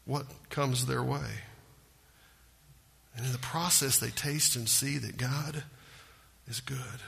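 A man's voice: on the high side, moderate pace, gravelly, bright, forceful tone, husky, in a large hall. A man preaching a sermon, earnest and emphatic, asking rhetorical questions. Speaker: pastor.

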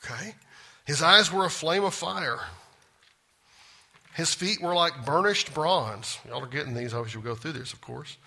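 A man's voice: a little high, animated, a little slow, gravelly, long pauses, bright, forceful tone, husky. A man teaching a Bible class in a church classroom, folksy and drawling, often stopping to quiz the group. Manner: folksy, asks the class questions.

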